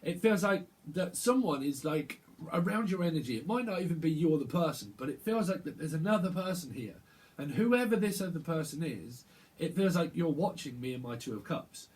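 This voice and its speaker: A man giving a channeled tarot reading, rambling and halting, often repeating words as he picks up messages. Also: fairly high pitch, lively intonation, a little mellow. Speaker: tarot reader.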